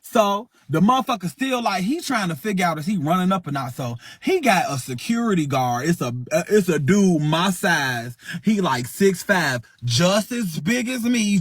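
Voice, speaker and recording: A man with a high, husky voice hosts a livestream and retells a brawl in loose, profane street talk. He acts the story out as he goes, throwing in sound effects and quick asides. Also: a bit bright, no room sound, studio quality. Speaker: livestream host.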